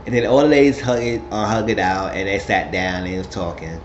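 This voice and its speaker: A man's voice: steady tone, fairly quick. Guy gossiping through a reality show recap, roomy room, kinda dull lo-fi sound with a little hiss. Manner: chatty storytelling, puts on high voices quoting people. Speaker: recap vlogger.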